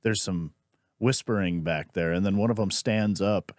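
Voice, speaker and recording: A man who hosts a podcast and does stand-up, telling stories in an animated, profane way and acting out the voices of people he quotes. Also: low-pitched, normal speed, no room sound, studio quality. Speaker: podcast host and stand-up comic. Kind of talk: casual podcast chat.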